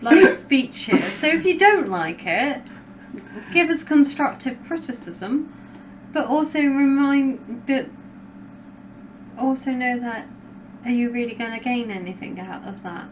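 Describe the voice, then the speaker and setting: Brief: woman podcast co-host, chatty and giggly, a little high, sitting back from the mic with clear noise behind her. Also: lively intonation, a little slow, long pauses, far from the mic. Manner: giggly, chatty, many fillers. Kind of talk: casual podcast chat.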